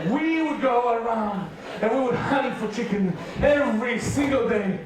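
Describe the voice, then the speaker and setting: Man preaching, very high voice, animated storyteller, distant mic in a booming hall. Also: a little slow, few pauses, a crowd in the background. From United Kingdom. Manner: animated, acts out voices, laughs often. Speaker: youth preacher. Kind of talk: storytelling sermon. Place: large hall at a school rally.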